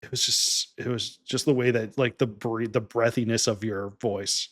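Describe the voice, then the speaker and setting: A man's voice: medium pitch, steady tone, moderate pace, a bit bright. A man hosting a podcast, chatting casually and rambling as he laughs along with his guests. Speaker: podcast host. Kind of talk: casual chat.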